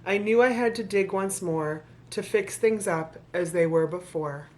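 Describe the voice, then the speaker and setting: A woman's voice: medium pitch, unhurried, a little mellow, slight background noise. A woman reads a children's book aloud in rhyme, breaking off often for sarcastic, playful comments to her viewers. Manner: sarcastic, playful commentary between read lines. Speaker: vlogger reading a children's book. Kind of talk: reading aloud with joking asides.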